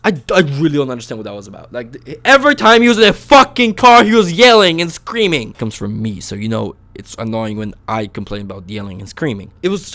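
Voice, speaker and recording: A young man talking at an ordinary mid pitch in an unscripted vlog rant. He drifts from low, quiet mumbling into sudden loud, shouted outbursts and back again. The delivery is loose and full of restarts and swearing. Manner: animated, swings between calm talk and loud yelling bursts, swears. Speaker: vlogger reviewing a TV show. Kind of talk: casual opinion rant.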